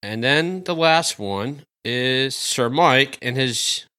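A man's voice: medium pitch, expressive, slow pace, pushed and bright, clean tone, no echo, clean studio sound. A man co-hosting a casual podcast, easygoing and thinking aloud as he goes. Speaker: podcast co-host.

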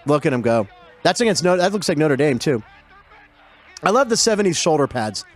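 A middle-aged man from western Pennsylvania hosting a sports show, telling stories over game clips in a chatty, digressive, excited way. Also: fairly high pitch, brisk.

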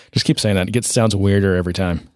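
Low-voiced man in dry, rambling tech chat. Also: fairly even intonation, fairly quick, no room sound. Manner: rambling, sardonic, many fillers and restarts. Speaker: podcast co-host.

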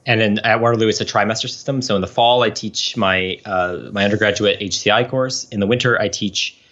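A man's voice: on the low side, fairly quick, fairly bright tone, dull audio. A man in his thirties, a professor and researcher, explaining his work in a casual interview, chatty, with many fillers.

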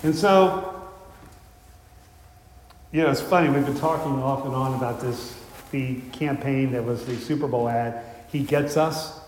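A man's voice: medium pitch, steady tone, normal speed, hardly any pauses, darkish tone, a little hiss or hum. Male preacher, conversational storyteller, roomy church reverb. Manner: storytelling, conversational, with frequent fillers and restarts. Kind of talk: sermon. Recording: echoey hall with faint ambience.

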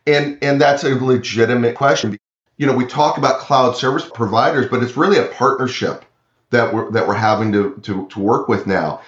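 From his home, a man gives a remote interview on cloud security in a medium-pitched, fairly bright voice at a normal speed. The recording is muffled and the room echoey. He speaks earnestly, often repeating words and quoting imagined clients.

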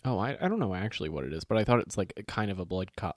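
Racing along with lively intonation, this man's lowish voice tells stories in a casual co-hosted chat, cursing freely and voicing what other people said. The sound is clean studio audio with no room sound.

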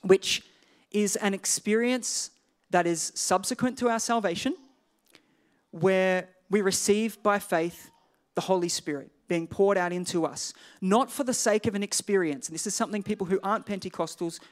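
A man with a high-pitched voice delivers a sermon. He keeps it conversational, slipping into offhand digressions and jokes at his own expense. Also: moderate pace. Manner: conversational, digressive, self-deprecating asides. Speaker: pastor.

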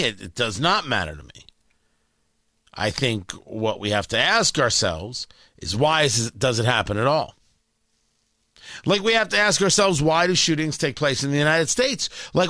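A man's voice: a little high, bright, forceful tone, no echo. A man hosting a talk radio show, delivering a blunt, opinionated monologue with sarcastic asides from a studio mic.

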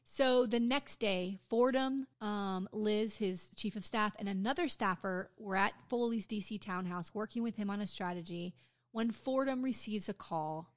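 A woman co-hosting a podcast who tells a true-crime story in loose, casual chat. She swears freely and acts out each quote with energy. Her voice sits at an ordinary middle pitch. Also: unhurried. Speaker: podcast co-host.

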